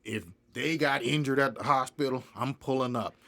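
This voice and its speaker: Young man, bright forceful voice, casual interview guest, lively storyteller, laughs a lot. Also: medium pitch, moderate pace, vocal fry. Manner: animated, laughs often, acts out other people's lines. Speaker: independent music artist, guest.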